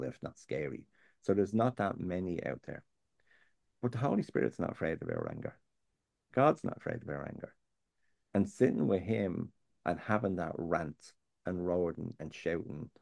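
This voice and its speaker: A man's voice: low voice, creaky, dark tone, dry recording. A man, talking earnestly and plainly as a guest on a faith topic, sometimes digressing. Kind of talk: candid conversational chat.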